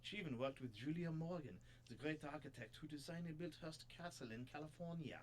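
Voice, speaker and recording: A man doing a clumsy French-accented gentleman. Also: on the high side, fairly quick, slight background noise, pitched above the performer's own voice, lightly acted. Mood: earnest. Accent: mock French, drifting German.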